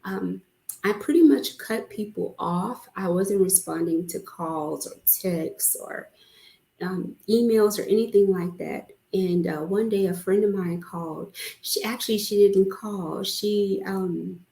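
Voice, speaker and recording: A woman's voice: mid-range voice, measured pace, gravelly, mellow. A woman hosting a podcast, talking candidly and earnestly to her listeners in a conversational way, with frequent ums and restarts. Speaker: podcast host. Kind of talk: personal podcast talk to listeners. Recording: echoey room.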